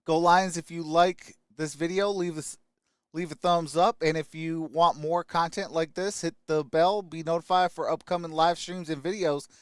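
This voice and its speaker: A man's voice: a little high, fairly even intonation, normal speed, clear, resonant tone, dry recording, studio quality. Upbeat man hosting a live stream. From Michigan. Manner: greets chat viewers by name, upbeat shout-outs. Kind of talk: casual live stream chat.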